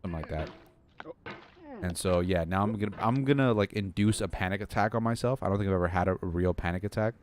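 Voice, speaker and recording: Young man, game streamer, rambling self-deprecating chat, slightly low voice, faint background noise. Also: fast, few pauses. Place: home desk.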